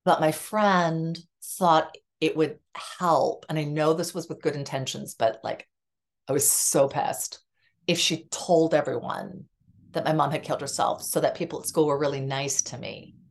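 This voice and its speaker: A middle-aged psychotherapist, a guest in a conversation, candidly tells a personal story in a deep voice with vocal fry at a normal pace. She's animated and acts out the quoted lines of the people involved.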